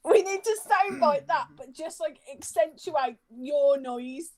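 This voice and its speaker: A woman on a live stream chat making quick, teasing jokes about her friends. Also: sits high, expressive, darkish tone.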